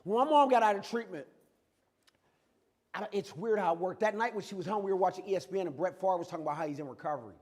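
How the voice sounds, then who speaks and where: A man giving a lively, conversational motivational talk about his own life, acting out bits of dialogue as he goes. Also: high voice, fast talker, in a large hall. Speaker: guest speaker. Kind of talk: motivational personal storytelling talk. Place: campus event hall.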